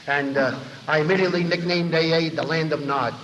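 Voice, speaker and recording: Heavy background noise covers this muffled 1990 recording of a New York man at a recovery meeting, his words echoing with long reverb through a large convention hall. Speaking rapidly to the crowd, he animates his story by acting out other people's lines, his voice a touch high for a man.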